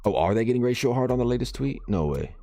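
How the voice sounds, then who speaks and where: A man's voice: medium pitch, animated, fast, dark tone, slight background noise. A man hosting a live game stream, chatting casually and reacting to viewer comments as he reads them aloud.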